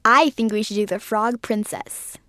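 A woman's voice: a little high, moderate pace, a bit bright, no echo, studio quality, natural voice. A woman voicing an eager, slightly bossy young girl in an audio storybook, with an earnest, childlike delivery.

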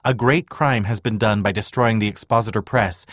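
A man's voice: on the low side, fairly even intonation, moderate pace, fairly bright tone, no room sound, studio quality. A man voicing a stern state governor who speaks in a formal, accusing way.

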